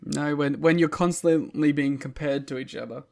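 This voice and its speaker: A man's voice: a little high, fairly even intonation, moderate pace, gravelly, a little mellow. A man co-hosting a podcast, tossing in joking, profane asides during a casual chat. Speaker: podcast co-host.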